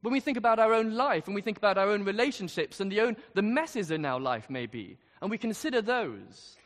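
An earnest male preacher with a high, lively voice that swings up and down as he presses his questions. His words ring out with a long reverb, as if from a large hall. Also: fairly quick. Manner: earnest, rising to emphatic questions. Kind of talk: sermon.

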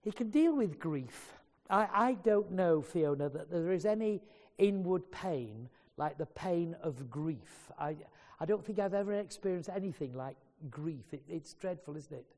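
Earnest preacher, mellow tone, hall reverb. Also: male voice, on the high side, animated, measured pace. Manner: earnest, stumbling restarts. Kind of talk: sermon storytelling.

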